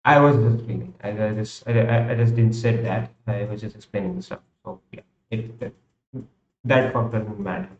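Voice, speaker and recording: Thinking aloud while he works on a live stream, a young man with an Indian English accent chats loosely, often repeating and restarting his sentences in a rambling way. His voice is fairly low and darkish, with a steady tone and a moderate pace. The home recording sounds roomy and slightly dull.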